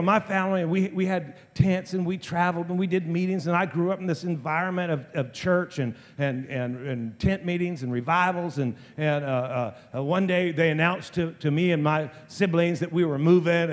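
Pastor guy in his 50s telling a story, keeps restarting, slightly high voice, long church-hall echo. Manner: halting, full of repeated restarts. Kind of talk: sermon storytelling. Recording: long reverb of a large hall.

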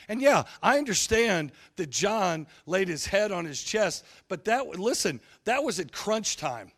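Male pastor, high pitched, blunt and folksy, jokey storytelling sermon that acts out other people's voices. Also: big pitch swings, a little slow, hardly any pauses, fairly bright tone. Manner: humorous storytelling, acting out quoted voices.

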